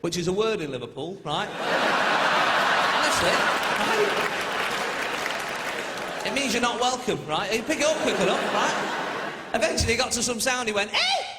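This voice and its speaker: A man's voice: high-pitched, lively intonation, heavy background noise. A man from Manchester with a Manchester accent, performing a chatty stand-up set and bantering with the audience. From Manchester, England. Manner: chatty, quick asides to the crowd. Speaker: stand-up comedian. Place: large theatre stage with a laughing audience. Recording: echoey theatre, loud crowd laughter.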